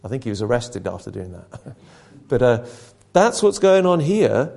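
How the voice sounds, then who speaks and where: A man's voice: medium pitch, big pitch swings, a little slow, gravelly, darkish tone. A male preacher giving a conversational sermon that retells a story and asks earnest rhetorical questions.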